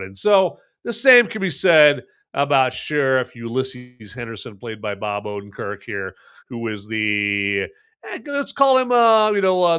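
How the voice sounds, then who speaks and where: A man's voice: medium pitch, a bit bright, clear, resonant tone. A man hosting a live movie review podcast, rambling and joking while answering the live chat. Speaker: podcast host.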